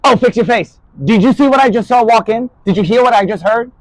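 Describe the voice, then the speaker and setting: A man with a fairly high voice delivers a rambling spoken-word monologue, leaping from one topic to the next. He swears freely and swings between quiet asides and louder bursts. The sound is dry and close, with no room around it. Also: brisk, no room sound, poor audio. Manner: rambling, jumping topics, swearing, shifting loudness.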